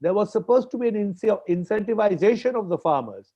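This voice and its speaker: A man's voice: high voice, lively intonation, a little fast, hardly any pauses, warm tone, highs cut off. A man with an Indian English accent, arguing emphatically as a farmers' spokesperson on a panel discussion, repeating key points for stress.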